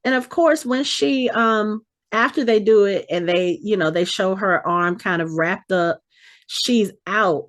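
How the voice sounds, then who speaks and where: A woman on a casual podcast, retelling scenes with lots of energy. She slips into the characters' lines as she recaps, and her pitch sits in an ordinary middle range. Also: measured pace, fairly bright tone. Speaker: podcast co-host. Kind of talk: casual chat, episode recap.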